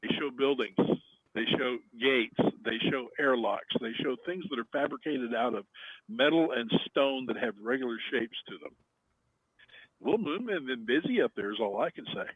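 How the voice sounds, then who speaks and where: A man's voice: medium pitch, expressive, moderate pace, fairly bright tone, slightly rough, low-quality recording. A man who is a guest on a talk radio show, explaining his point with confidence in a matter-of-fact way. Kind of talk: casual talk radio chat.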